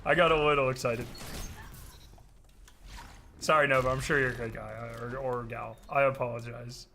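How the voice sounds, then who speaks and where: A young man giving profane, excitable commentary while playing a game, trash-talking and bursting into yells. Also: medium pitch, moderate pace, vocal fry, a little hiss or hum. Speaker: gaming video creator. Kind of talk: live gameplay commentary.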